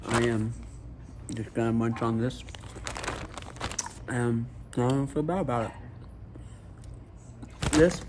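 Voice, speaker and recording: A man's voice: mid-range voice, slow, long pauses, background noise. A man talking casually to his vlog camera, rambling with lots of ums and uhs, sometimes with his mouth full. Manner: talks while eating. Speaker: vlogger.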